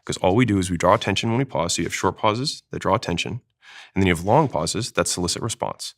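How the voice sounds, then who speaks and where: A man explaining sales technique in a panel discussion, talking fast and emphatically. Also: sits low, fairly bright tone. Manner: fast, emphatic teaching delivery. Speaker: sales expert guest.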